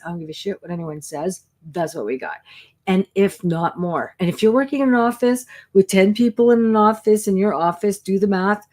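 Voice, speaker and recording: Woman, from Canada, livestream host, effusive, chatty, mid-pitched voice. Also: darkish tone. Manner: effusive, chatty, greets viewers by name with frequent exclamations. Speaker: psychic medium hosting a livestream. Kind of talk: casual livestream chat greeting viewers.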